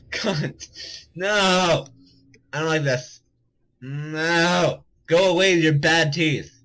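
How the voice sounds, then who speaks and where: A man's voice: a little high, takes it slowly, vocal fry, a bit bright, rough recording. A young man doing let's play commentary, panicky and swearing a lot, with frequent nervous laughter. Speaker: gaming commentator.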